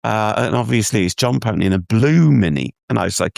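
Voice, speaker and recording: Gravelly man telling a rambling story. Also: lowish voice, expressive, fast talker, darkish tone, no room sound, clean studio sound. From England. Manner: rambling storyteller, laughs often, many restarts. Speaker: podcast co-host. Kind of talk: casual chat.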